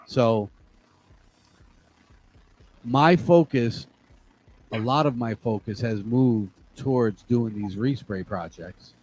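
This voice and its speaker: A man's voice: mid-range voice, slow pace, pauses often, a little mellow, rough recording. Middle-aged man talking shop casually. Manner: storytelling, swears casually, frequent "okay?" check-ins. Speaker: DJ and remixer guest. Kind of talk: casual chat.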